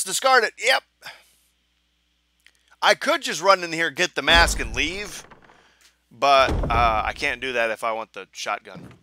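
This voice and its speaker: A man's voice: a little high, expressive, a little slow, long pauses, sharp tone, a little hiss or hum. Rambling young man narrating gameplay. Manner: rambling, repeats himself while thinking aloud. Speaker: gaming video host. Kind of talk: casual let's-play commentary. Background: game music.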